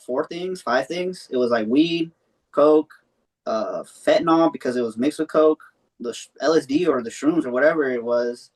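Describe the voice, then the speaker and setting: A young man telling a long personal story in a loose, rambling way, full of swearing and fillers. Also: medium pitch. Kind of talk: casual storytelling.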